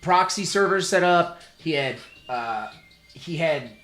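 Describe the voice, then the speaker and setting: Rambling man with a lively voice. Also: a little high, takes it slowly. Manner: rambling, stammering storyteller. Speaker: livestream host. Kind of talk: casual chat. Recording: roomy echo, faint music.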